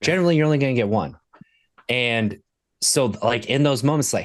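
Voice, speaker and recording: A man's voice: medium pitch, a little fast, no echo. A man in his thirties, a sobriety coach appearing as a podcast guest, earnestly telling stories from his own life in a casual conversation. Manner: earnest storyteller, retelling moments from his life.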